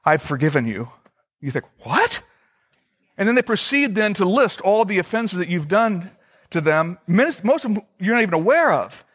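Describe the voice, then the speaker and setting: A middle-aged male pastor preaching a sermon, earnest, slowly repeating key phrases for emphasis. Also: sits high, very animated, a bit bright, husky.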